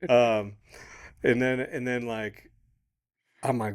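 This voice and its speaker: A man's voice: mid-range voice, flat delivery, takes it slowly. A man in his thirties co-hosting a podcast, telling a long story casually, swearing and laughing as he goes. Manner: rambling, swearing, laughing mid-story, quoting others. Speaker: podcast co-host.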